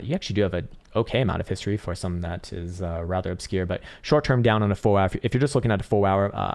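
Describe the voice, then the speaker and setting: A man's voice: deep voice, vocal fry, a little mellow. A man hosting a casual crypto chart livestream, rambling and profane with lots of fillers, his voice strained and tired. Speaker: crypto trading livestream host.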